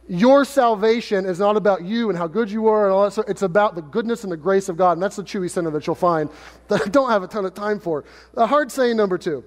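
During a sermon, a pastor with a high, bright-edged voice speaks at a quick pace, chatting with the congregation and joking between points. He leans on rhetorical questions, and his words echo through a long hall reverb.

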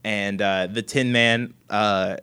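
A man's voice: fairly low pitch, steady tone, slow pace, pushed and bright, clear, resonant tone. A man narrating as game master, hesitant and full of fillers.

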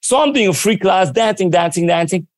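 A man telling stories from his working life in a lively, animated way, often acting out what others said. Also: high voice, brisk, no echo. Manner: lively, acts out quoted dialogue. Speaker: guest. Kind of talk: casual storytelling.

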